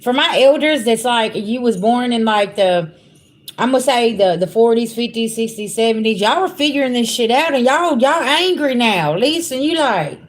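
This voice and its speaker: A woman's voice: on the high side, lively intonation, normal speed. A woman giving a casual livestream spiritual reading, talking bluntly and profanely straight to her viewers. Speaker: spiritual reader.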